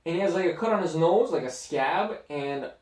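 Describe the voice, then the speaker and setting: A man co-hosting a casual podcast who tells a story with animated asides. His voice sits a little on the high side. It is caught from a distance in a roomy, echoing space. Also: a little fast. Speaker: podcast co-host. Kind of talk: casual chat. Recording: roomy echo, mic at a distance.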